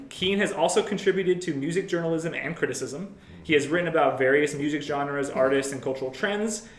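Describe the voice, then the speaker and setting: Man, podcast co-host, quick talker, jokey, reads aloud, echoey room. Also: fairly high pitch. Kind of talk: casual podcast chat, reading an introduction.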